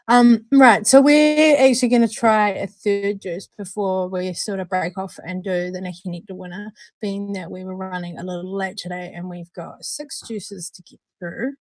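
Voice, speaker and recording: A woman's voice: medium pitch, steady tone, measured pace, darkish tone, no echo. A woman hosting a casual live vape review stream from home, chatty and laughing often. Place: at home, indoors at night.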